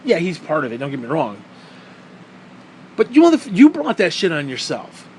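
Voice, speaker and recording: A man's voice: fairly high pitch, wildly swooping pitch, moderate pace, darkish tone, slight background noise, poor audio. A man ranting in a profane, heated monologue, sarcastic and mocking, swearing constantly. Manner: mocks others in put-on quoted voices. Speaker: vlogger.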